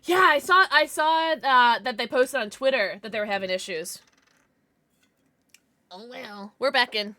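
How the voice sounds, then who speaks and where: A woman's voice: fairly high pitch, a little slow, long pauses, sharp tone. A woman streaming live, chatting casually with viewers and cooing over her pets. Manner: bubbly, coos over her pets, laughs often. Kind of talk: casual livestream chat.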